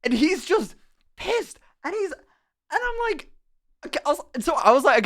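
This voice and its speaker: A young man telling a story casually on a live stream, animated and quick to laugh, swearing freely. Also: very high voice.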